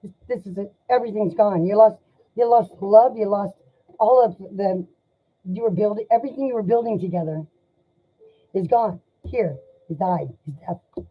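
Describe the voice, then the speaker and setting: A woman doing a live tarot reading, speaking in an emotional, sympathetic and halting way. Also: mid-range voice, breathy edge. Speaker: tarot reader. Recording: dull lo-fi sound.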